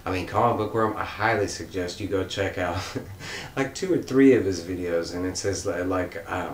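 A man with a very low voice talks casually to his viewers, earnest and rambling, full of ums and restarts. His voice rings in a roomy, echoey space with a faint rumble underneath. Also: moderate pace. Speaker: comics channel host. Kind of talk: casual vlog shoutout.

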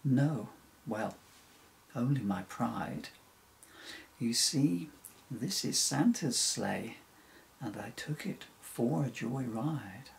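A man's voice: medium pitch, vocal fry, exaggerated voice. A man voicing a polite, clumsy young male reindeer in a children's story-poem, apologetic and sheepish.

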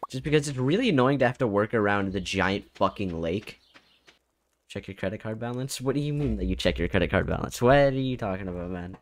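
A man's voice: fairly low pitch, a little hiss or hum. A man streaming a farming game, chatting with viewers and muttering to himself. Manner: mumbles to himself, then shouts and laughs when surprised. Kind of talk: casual gameplay livestream chat.

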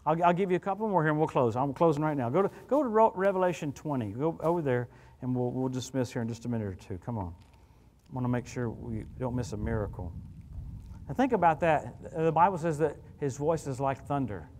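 Guy preaching at church, telling stories, kinda high voice, chatty and lively. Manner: animated, chatty, laughing, quick asides to the congregation. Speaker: guest preacher. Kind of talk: storytelling sermon. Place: church service. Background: congregation.

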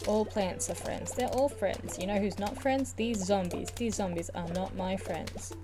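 A woman's voice: mid-range voice, measured pace, over music. A young woman streaming a video game, chatting casually and playfully with lots of giggles and rambling asides. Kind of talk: casual gaming stream chat.

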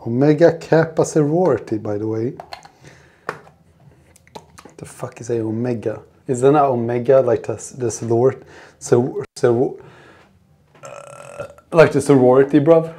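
A man's voice: medium pitch, measured pace, long pauses, warm tone, husky. A man joking and rambling to the camera between sets at the gym, swearing as he goes. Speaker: gym vlogger. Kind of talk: casual muttering gym vlog.

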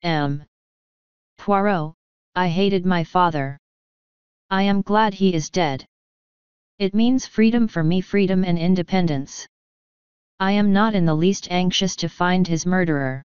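A woman reading an audiobook, voicing a bitter young woman who speaks in a cold, clear, scornful way. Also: fairly low pitch, unhurried, long pauses, a little mellow, no room sound, highs cut off, close to an everyday voice.

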